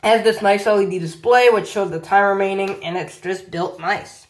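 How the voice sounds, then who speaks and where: At normal speed and a high pitch, a tech reviewer walks through testing a power bank in a casual channel vlog. His delivery rambles, with frequent repetition and a habit of saying "as you can see."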